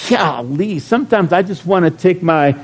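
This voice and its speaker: A middle-aged man preaching a sermon as pastor, folksy and joking, rising into shouted calls to the congregation. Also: sits high, lively intonation, moderate pace, heavy background noise.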